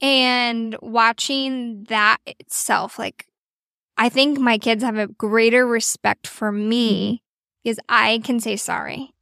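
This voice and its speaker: Podcast host, woman, 30s, earnest and animated, slightly high voice. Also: slow, creaky, dry recording, clean studio sound. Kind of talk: casual podcast chat.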